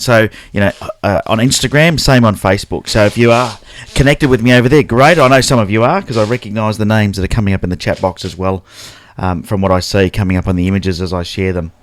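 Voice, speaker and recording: Speaking with an Australian accent, this photography livestream host chats casually and welcomes viewers by name. His voice is on the low side, his intonation fairly even, and his pace fairly quick.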